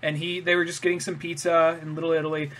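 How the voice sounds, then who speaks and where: Man with a slightly higher voice, rambling. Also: level tone, fast talker, a bit bright. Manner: loose, rambling, trails off and restarts. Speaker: podcast co-host. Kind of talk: casual chat.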